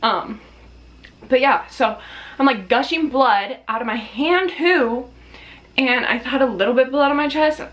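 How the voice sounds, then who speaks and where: A woman's voice: high-pitched, measured pace, a bit bright. A woman vlogger telling a storytime in a casual, dramatic way, swearing freely and laughing as she tells it. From Australia.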